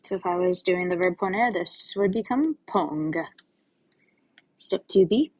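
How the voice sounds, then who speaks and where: Lower-voiced woman teacher explaining patiently. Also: expressive, unhurried, a little mellow, slightly rough. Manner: patient, step-by-step explaining to students; casual, friendly asides to the class. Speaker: Spanish teacher. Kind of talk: recorded classroom lesson.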